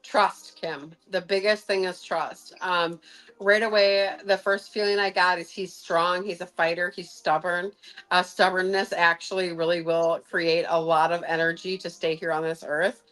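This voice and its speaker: A woman's voice: lowish voice, flat delivery, normal speed, fairly bright tone, rough recording. A woman hosting a casual livestream as a sound healer. She talks in a chatty, rambling way with many filler sounds.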